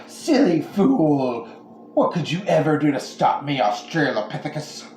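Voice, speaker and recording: A man voicing a cruel, ancient male demon that speaks slowly and gloats, recorded in an echoey room. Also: fairly high pitch, sing-song, darkish tone, soft background music. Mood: mocking. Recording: echoey room with faint ambience.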